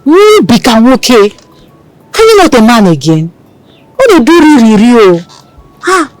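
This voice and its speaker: A devoted Nigerian heiress in love. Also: female voice, medium pitch, very animated, slow, low-quality recording. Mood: teasing. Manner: tender, reassuring, shifts into pidgin.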